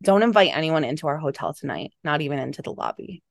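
A woman's voice: deep voice, lively intonation, quick pace, creaky, no room sound, studio quality. A woman voicing a young man, her boyfriend character, who asks earnest, worried questions in a novel reading. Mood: tense. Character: young man, boyfriend, calm then uneasy.

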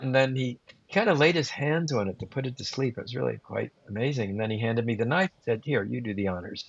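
A man of middle pitch tells stories with lively, animated detail. The sound is a little dull and muffled. The room around him is dry, with no echo. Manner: animated, vivid storyteller. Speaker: podcast guest, grilling author. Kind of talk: anecdotal storytelling in an interview. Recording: slightly muffled dry recording.

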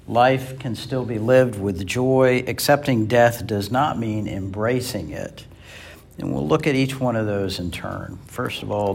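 A man teaching a Bible class. He reads scripture aloud, then lectures conversationally with fillers, self-corrections and dry asides. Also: mid-range voice.

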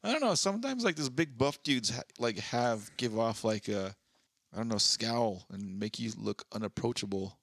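A man on a podcast reads online posts aloud in a relaxed, casual way. His voice has a gravelly edge, and the sound is close and dry. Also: mid-range voice, normal speed, dry recording. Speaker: podcast co-host.

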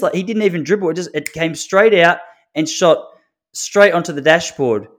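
A man's voice: high-pitched, animated, moderate pace. A man, hosting a podcast as a laid-back comedic storyteller who chuckles at his own jokes. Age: 30s. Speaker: podcast host. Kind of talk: solo comedic podcast monologue.

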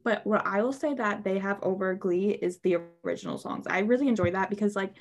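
A woman's voice: mid-range voice, fairly quick. A young woman co-hosting a podcast in casual chat, upbeat and full of fillers like "okay". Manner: chatty, upbeat, fills with "like" and "okay". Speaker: podcast co-host.

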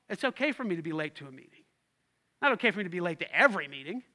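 Pastor guy preaching, really high pitched, acts out voices, gets shouty. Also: racing. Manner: animated, acts out quoted voices, shouts in bursts. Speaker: lead pastor. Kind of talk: sermon.

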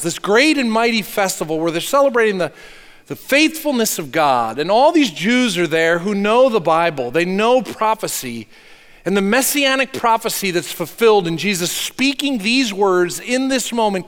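Pastor, man, high smooth voice, earnest sermon moving from hushed to emphatic, long hall reverb.

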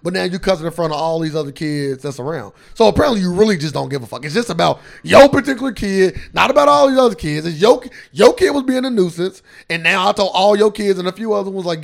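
A man co-hosting a casual podcast, ranting and swearing freely, his voice jumping up high and loud when he gets heated. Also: animated, fast, creaky, few pauses. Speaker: podcast co-host.

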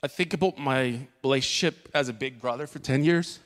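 A man giving an earnest church testimony from the stage, halting and full of fillers and restarts. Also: medium pitch, fairly bright tone. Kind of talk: emotional spoken testimony. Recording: long reverb of a large hall.

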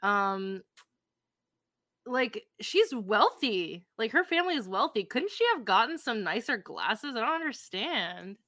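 A woman's voice: fairly high pitch, sing-song, a little slow, pushed and bright, dry recording, studio quality. A woman guest on a podcast, chatting bluntly and sarcastically about a film. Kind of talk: casual chat.

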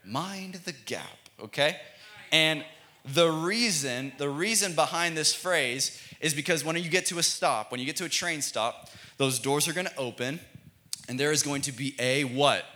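A young man, a student pastor, preaching a playful, energetic youth sermon in a church and calling for audience responses. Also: fairly high pitch, moderate pace. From United States.

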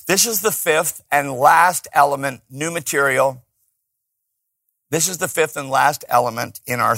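Male pastor, slightly high voice, dynamic sermon delivery, loud peaks and soft asides. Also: vocal fry, dry recording, clean studio sound. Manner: dynamic preaching, swinging between loud emphatic peaks and hushed asides.

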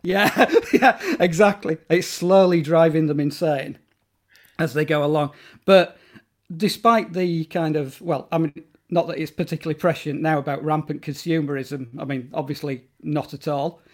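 A man's voice: fairly high pitch, fairly even intonation, moderate pace. A man talking as a guest in a casual interview about horror films, enthusiastic and rambling, with plenty of fillers and restarts.

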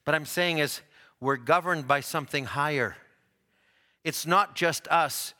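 A man preaching a sermon, telling stories with rising excitement and dropping to soft, low tones for tender moments. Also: unhurried. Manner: animated storytelling, voice climbing high at dramatic moments.

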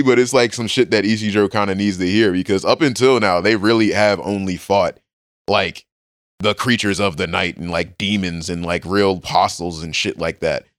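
Podcast co-host, male, low and smooth, loose slangy recap style with quick character voices. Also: fairly bright tone, dry recording, studio quality. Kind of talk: casual chat recapping a manga.

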